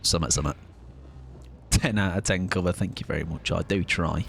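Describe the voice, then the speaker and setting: A young man streaming a game, chatting excitably and mocking himself as he plays. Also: low voice, moderate pace, vocal fry, a little hiss or hum. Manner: chatty, excitable, self-mocking, swears casually. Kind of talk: live gameplay commentary. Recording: game music under the voice.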